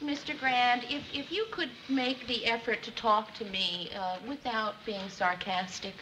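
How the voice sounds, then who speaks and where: Earnest young office woman, played by an actress, high lively voice, hisses of old broadcast noise. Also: unhurried, lightly acted. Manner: earnest, flustered, polite. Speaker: office worker. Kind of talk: sitcom acting. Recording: noisy old TV soundtrack.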